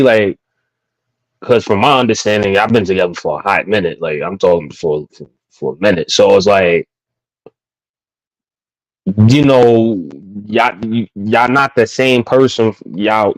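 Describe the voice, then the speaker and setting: A man with a fairly low voice talks in casual conversation, reflective and relaxed, often trailing into fillers. The sound is dry and close. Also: normal speed, no room sound, low-quality recording. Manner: laid-back, reflective, full of fillers. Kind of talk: casual chat.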